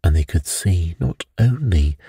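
A man narrating a bedtime detective story in a soft, measured, soothing way. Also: deep voice, lively intonation, creaky, husky, dry recording, clean studio sound.

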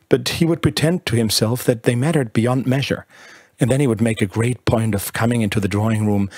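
A man reading a literary short story aloud in a measured, expressive narration. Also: fairly low pitch, breathy edge, no room sound, clean studio sound.

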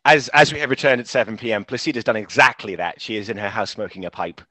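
A man running a tabletop game as game master on a podcast, animated and quick to laugh. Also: fairly low pitch, no room sound. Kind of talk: actual play podcast narration.

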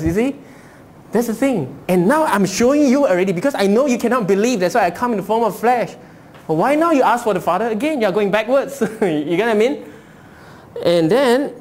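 A man's voice: high-pitched, animated, a little fast. Male pastor preaching. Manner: preaching with rhetorical questions, acting out voices of doubters and Jesus. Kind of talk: sermon.

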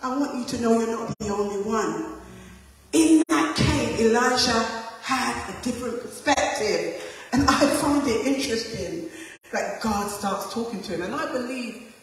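A woman preacher giving a passionate sermon, swinging between loud calls and hushed asides. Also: on the high side, moderate pace. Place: large hall or church. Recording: very echoey hall, voice from far off.

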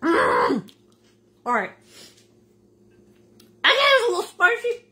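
An older woman hosting a casual home cooking vlog. She is chatty and animated and keeps tasting as she talks. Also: extremely high pitch, takes it slowly, noisy background. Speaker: cooking show host. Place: home kitchen.

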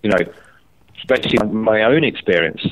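A man's voice: on the low side, normal speed. A man from Scotland, angrily telling a story and swearing heavily while he chats. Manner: angry, swearing, animated storytelling. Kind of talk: heated casual chat. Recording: tinny phone line.

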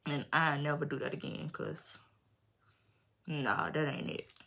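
A young adult woman vlogger telling a personal story in an animated, slangy, emphatic way. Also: low-pitched, a little slow, gravelly, slightly rough. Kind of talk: storytime vlog.

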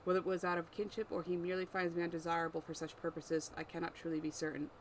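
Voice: mid-range voice, little pitch movement, fast talker, slight background noise, lightly acted, low-quality recording. A reader voicing a proud, ancient, eyeless female demon servant with horns, scornful and easily wounded, in an amateur story read-aloud. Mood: haughty.

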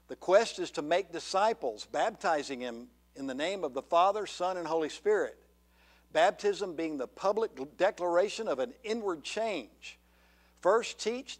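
A man preaching a sermon as pastor, earnest and full of rhetorical questions to the congregation. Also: a little high. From Georgia, USA. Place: church sanctuary.

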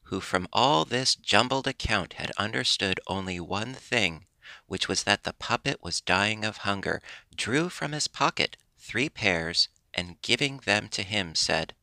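A man narrating a classic children's storybook in a steady, measured reading. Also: lowish voice, creaky, no echo. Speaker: audiobook narrator.

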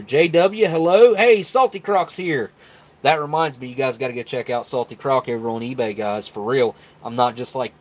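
A man chatting casually on a live stream from home, greeting viewers one by one and wandering through announcements. His voice sits at an ordinary middle pitch and comes through a desk mic.

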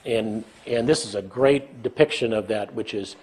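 A man's voice: fairly low pitch, moderate pace, darkish tone, slightly rough. Older man, lecture speaker, storytelling, self-deprecating humor, acts out dialogue. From United States. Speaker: leadership talk speaker. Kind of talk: conversational lecture with anecdotes.

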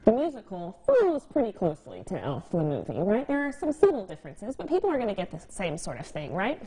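A woman's voice: mid-range voice, huge pitch swings, heavy background noise. A woman hosting a local TV interview, bubbly and playful. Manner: bubbly, playful, quick to laugh. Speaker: TV show host. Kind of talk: lively morning TV interview.

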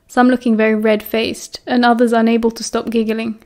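A woman's voice: fairly high pitch, little pitch movement, normal speed, hardly any pauses, a little mellow. British woman reading an audiobook aloud. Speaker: audiobook narrator. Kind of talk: audiobook narration.

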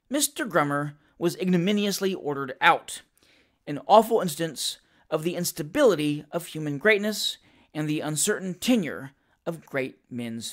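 A reader narrating a classic comic novel as an audiobook, with an expressive, theatrical delivery. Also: mid-range voice.

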